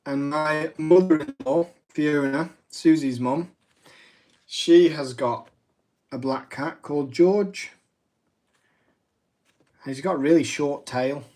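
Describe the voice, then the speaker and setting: A man's voice: a little high, slow pace, pauses often, a little mellow. A man, hosting a casual live craft demo, chatty and self-deprecating with rambling asides. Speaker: craft livestream host.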